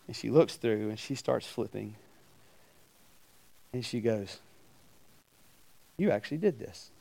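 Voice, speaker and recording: A man preaching at a campus ministry, telling a story with animated acted-out voices and questions to his listeners. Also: mid-range voice, vocal fry. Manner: animated, acts out voices in anecdotes, asks the crowd questions. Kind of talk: storytelling sermon. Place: campus ministry meeting room.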